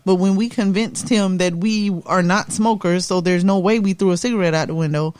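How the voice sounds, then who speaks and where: A woman's voice: mid-range voice, fairly even intonation, fairly quick, a little mellow. A woman co-hosting a casual podcast, steadily recounting something that happened to her. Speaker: podcast co-host. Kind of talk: casual chat.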